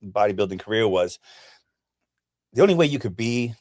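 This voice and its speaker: A man's voice: on the low side, lively intonation, moderate pace, darkish tone, no echo. A middle-aged man from Puerto Rico, a guest, talking earnestly about his bodybuilding career. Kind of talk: casual interview talk.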